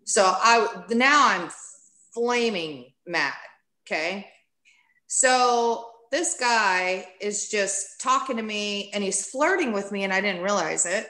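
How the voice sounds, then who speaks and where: Bright-voiced woman telling a story. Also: mid-range voice, takes it slowly, reverberant. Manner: candid, animated, acts out quoted speech. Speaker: podcast guest. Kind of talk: casual storytelling.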